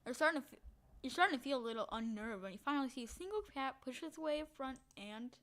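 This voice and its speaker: A woman playing a text adventure, reading the story aloud in a hushed voice and breaking into loud, excited reactions. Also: high-pitched, fast talker. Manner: reads narration quietly, bursts into loud excited reactions. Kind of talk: casual let's-play narration.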